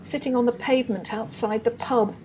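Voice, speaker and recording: A woman's voice: on the high side, steady tone, fairly quick, mellow, slight background noise, natural voice, rough recording. An amateur actress playing a timid young female assistant stage manager, hesitant and apologetic. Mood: anxious.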